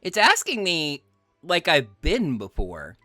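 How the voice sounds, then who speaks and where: A man's voice: on the high side, huge pitch swings, slow, bright, forceful tone, no room sound. Brief: male streamer, playful chatty commentary, game music faint behind. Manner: playful, chatty, laughs often. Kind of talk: let's-play commentary.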